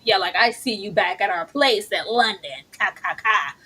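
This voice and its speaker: A woman's voice: mid-range voice, normal speed, bright, forceful tone, slightly rough. A woman co-hosting a live TV recap, chatting casually and acting out the characters' lines in big voices. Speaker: co-host of a TV recap show. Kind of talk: casual reaction chat.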